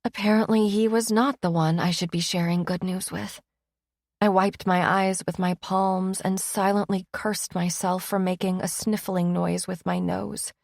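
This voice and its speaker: A woman's voice: medium pitch, level tone, unhurried, vocal fry, a little mellow, no room sound, studio quality. A woman narrating a first-person romance audiobook in an emotive, intimate reading.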